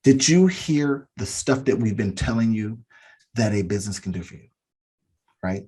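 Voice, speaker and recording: A man's voice: fairly low pitch, expressive, normal speed, dark tone, slightly rough. A man co-hosting a business podcast, giving an earnest motivational talk that keeps repeating its key phrases. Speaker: podcast co-host.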